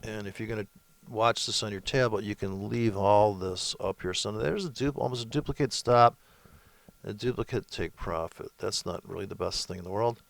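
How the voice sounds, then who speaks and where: A man's voice: lowish voice, moderate pace, creaky, no echo. A man giving a casual screen-share trading tutorial, rambling through it with sarcastic, crude asides. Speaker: forex trading presenter.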